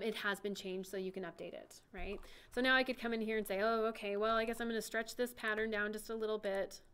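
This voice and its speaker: A woman giving a chatty software lesson, talking through each click and keystroke as she demonstrates. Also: mid-range voice. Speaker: CAD instructor.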